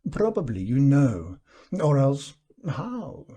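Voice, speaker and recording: A cautious, reflective gentleman, read by a man, weighs every phrase before he lets it go. The voice is mellow and husky, rising and falling in an animated way. He speaks slowly, as if still deciding how much to tell. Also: medium pitch, pitched above the performer's own voice. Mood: musing. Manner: reflective, hesitant. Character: thoughtful, guarded gentleman explaining secret gestures.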